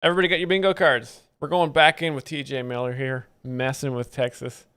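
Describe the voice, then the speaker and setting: A man hosting a live comedy stream, giving casual, sardonic, deadpan commentary. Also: medium pitch, brisk, clear, resonant tone.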